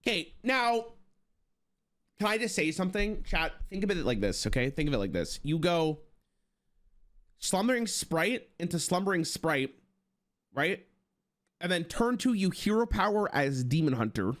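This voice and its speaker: Excitable man reviewing cards to chat. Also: sits high, moderate pace, long pauses. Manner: excitable, swears, thinks aloud. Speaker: streamer reviewing card-game cards. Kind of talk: casual live card review to chat.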